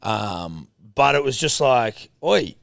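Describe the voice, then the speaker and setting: A gravelly-voiced Australian man in his thirties chats on a sports podcast. He tells stories with animated, mocking asides and plenty of swearing. The sound is dry and close. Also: medium pitch, fast, no room sound. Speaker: podcast co-host. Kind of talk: casual chat.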